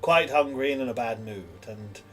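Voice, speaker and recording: A man's voice: medium pitch, normal speed, fairly bright tone, faint music behind, close to an everyday voice. A man doing a prim, over-polite café oddball. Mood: apologetic. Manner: prim, exaggerated disgust and courtesy. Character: odd, over-polite, theatrical café patron.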